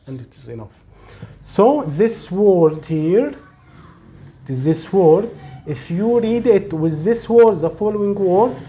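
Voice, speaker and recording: Slow, patient male teacher. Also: on the high side, mellow. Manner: slow, patient, demonstrates sounds and repeats them. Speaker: Arabic teacher. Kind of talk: slow, step-by-step recitation lesson.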